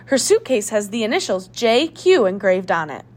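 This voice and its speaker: A woman's voice: mid-range voice, big pitch swings, moderate pace. A woman doing a bossy young girl detective. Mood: determined. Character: determined young girl sleuth, bossy and sure.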